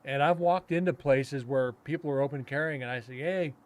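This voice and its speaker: A man's voice: mid-range voice, darkish tone. A man casually telling a long story, rambling with fillers and restarts and acting out what others said. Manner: rambling, with frequent fillers and self-restarts, chuckling; acts out other people's lines in quick quotes. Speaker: paranormal investigator and podcast host.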